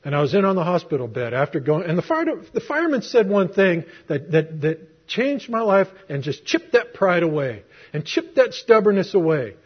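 A middle-aged man delivers a sermon in a slightly high, husky voice. He tells his story conversationally and throws rhetorical questions at the congregation. The recording is muffled and lo-fi. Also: big pitch swings, normal speed, few pauses. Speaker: preacher. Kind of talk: sermon with personal testimony.

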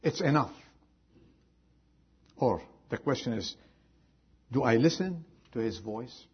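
A man's voice: medium pitch, lively intonation, slow, husky, highs cut off. A man preaching a sermon, earnestly repeating rhetorical questions to his congregation, in slightly non-native phrasing. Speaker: pastor.

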